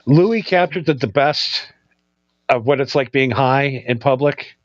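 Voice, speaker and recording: A man's voice: mid-range voice, unhurried, no room sound. A man co-hosting a podcast in casual chat, laid-back and joking, swearing casually. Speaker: podcast co-host. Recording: dry, slightly dull recording.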